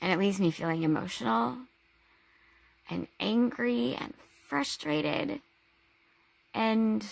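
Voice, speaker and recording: A woman talking in a casual personal vlog, halting, with long pauses and restarts. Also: fairly high pitch, creaky, no echo. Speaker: vlogger.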